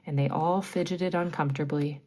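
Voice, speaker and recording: A woman narrating a bedtime story, reading gently and clearly. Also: low voice, fairly even intonation, brisk, a little hiss or hum.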